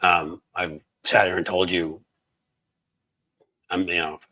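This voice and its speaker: A man's voice: sits low, level tone, slow pace, pushed and bright, rough recording. A man hosting a political livestream, talking in a rambling, angry, sarcastic way, full of fillers and restarts as he reads viewer chats. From United States. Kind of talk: casual livestream commentary reading viewer chats.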